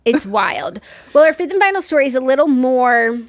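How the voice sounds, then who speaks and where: A woman's voice: sits high, big pitch swings, normal speed. A woman co-hosting a podcast, chatting casually about celebrity and fashion news with a lot of fillers. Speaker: podcast co-host. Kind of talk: casual chat.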